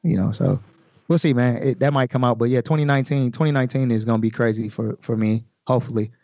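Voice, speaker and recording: A man talking casually as a podcast guest, explaining his own rap lyrics in an animated way with many fillers. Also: medium pitch, quick pace, no echo, highs cut off. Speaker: guest recording artist.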